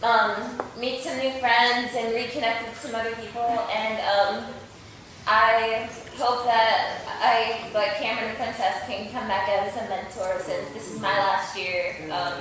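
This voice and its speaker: A woman giving a halting, affectionate thank-you speech after a play, with many ums. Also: a little high, flat delivery, fairly bright tone, a little hiss or hum. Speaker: cast member giving thanks. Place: theater stage after a show. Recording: echoey hall from far off with audience.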